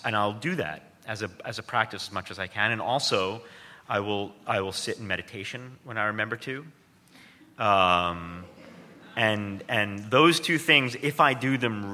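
Man, guest author, joking and self-deprecating, very bright sharp tone, long reverb behind him. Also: on the low side. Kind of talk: interview conversation. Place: stage before an audience.

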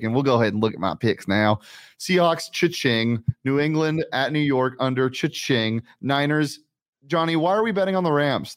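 Male betting show host, casual and upbeat, mid-pitched, rambly. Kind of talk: casual sports betting chat.

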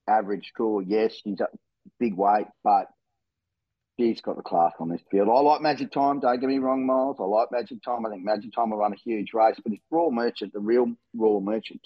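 A man's voice: lowish voice, steady tone, moderate pace, husky, dry recording, muffled recording. A man tipping horses in a casual racing chat, eager and jokey. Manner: enthusiastic, jokey punter. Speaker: racing tipster.

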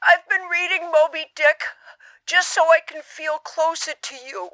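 A woman's voice: very high-pitched, fairly even intonation, unhurried, pushed and bright, no room sound, full character voice, poor audio. A woman playing a clingy, dramatic superfan caller. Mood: earnest. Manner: earnest, dramatic, quotes literature solemnly.

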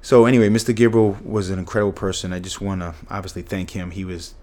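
A man's voice: low-pitched, little pitch movement, fast, warm tone. A middle-aged man earnestly telling a personal story as an interview guest.

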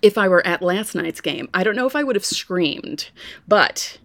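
A woman co-hosting a casual sports podcast, telling stories with lively asides. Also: mid-range voice, moderate pace, no room sound, clean studio sound. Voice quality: voice prone to going hoarse. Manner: chatty storyteller, lively asides. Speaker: podcast co-host.

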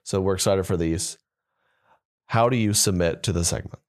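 Low-voiced man hosting a comedy podcast. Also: moderate pace. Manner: rambling, playful. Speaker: podcast co-host. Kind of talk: casual comedy podcast chat and improvised slam poetry.

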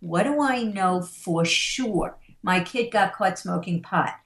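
Emphatic storytelling woman in a roomy space. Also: lowish voice. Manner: slow, emphatic, acts out the voices in her stories. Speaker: parenting and stress coach. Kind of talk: interview storytelling.

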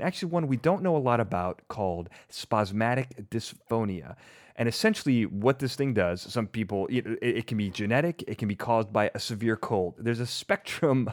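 A man's voice: mid-range voice, no room sound, clean studio sound. A man hosting a podcast interview, chatty and self-mocking, often restarting his sentences. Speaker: podcast host.

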